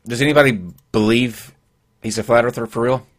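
A man hosting a casual panel chat, moderating briskly and moving topics along. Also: mid-range voice, steady tone. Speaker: podcast host.

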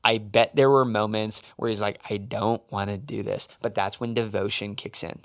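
A middle-aged man co-hosting a casual faith talk, an animated storyteller who acts out the quotes in his stories. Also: fairly low pitch, moderate pace. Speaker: podcast co-host.

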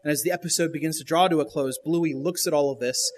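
A man's voice: a little high, fairly even intonation, quick pace, a little hiss or hum. A male pastor retelling a children's show episode during a sermon, with frequent restarts and emphatic rises.

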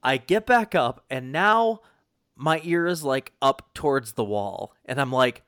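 Casual male storyteller, expressive and profane, pitch leaping around, dry close sound. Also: measured pace, smooth, no echo. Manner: animated, swears freely, lots of fillers and restarts. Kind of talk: casual anecdote.

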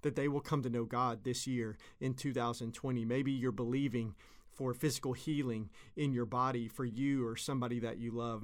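A man in his thirties, a pastor, giving an earnest, conversational devotional sermon and repeating phrases for emphasis. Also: mid-range voice.

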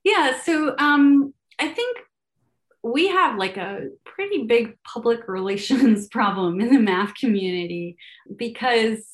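A woman's voice: a little high, animated, slow pace. Chatty young woman, Spanish speaker. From Venezuela. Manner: chatty, many fillers and restarts, laughs often. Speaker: guest, math educator. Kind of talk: casual podcast interview.

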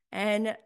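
A woman hosting a casual recap show, talking in a chatty, sarcastic way full of fillers. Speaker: podcast host recapping reality TV. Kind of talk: casual commentary.

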